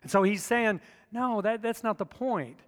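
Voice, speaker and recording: A man preaching a sermon, moving between loud emphatic lines and quiet conversational asides. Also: high voice, a little slow, big-room sound. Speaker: pastor.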